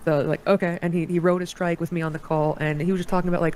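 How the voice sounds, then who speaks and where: Fast, hesitant woman telling a story. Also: fairly low pitch, little pitch movement, darkish tone, slight background noise. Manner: hesitant, many restarts and quoted dialogue. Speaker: interviewee. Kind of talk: recounting a personal story in an interview.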